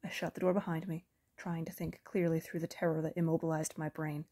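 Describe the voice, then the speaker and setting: A woman reading a first-person audiobook novel in a measured, even storytelling manner. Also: deep voice, breathy edge. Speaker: audiobook narrator.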